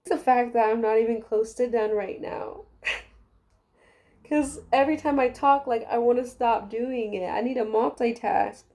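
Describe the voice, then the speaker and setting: A woman's voice: fairly high pitch, fairly even intonation, unhurried, darkish tone. A young adult woman giving a casual, heartfelt life update to her viewers while doing her hair, talking chattily with many fillers. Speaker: vlogger.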